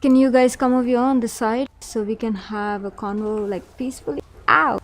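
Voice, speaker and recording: A woman's voice: fairly high pitch, a little fast. A woman game server admin in casual voice chat, questioning players and insisting on being heard. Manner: questioning, insistent, tries to calm things.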